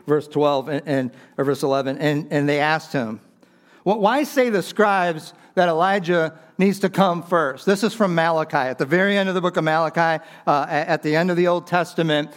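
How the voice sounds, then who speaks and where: A male pastor preaching a conversational sermon, often asking the congregation rhetorical questions. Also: a little high.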